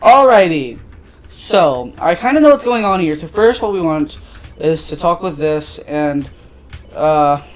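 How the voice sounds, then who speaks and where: A man's voice: on the high side, animated, measured pace. A man casually commentating a video game, crude and profane, loosely recapping the story as he plays. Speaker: let's play gamer.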